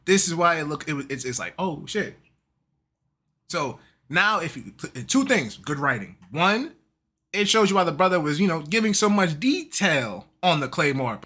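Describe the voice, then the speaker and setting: A man hosting a casual manga and game recap, talking in an animated, slangy way and laughing often. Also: a little high, normal speed. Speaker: YouTube host.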